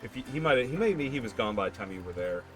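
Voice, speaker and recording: A man's voice: lowish voice, expressive, fast, over music. A man streaming a game while telling rambling, self-correcting stories about work. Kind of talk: casual chat while gaming.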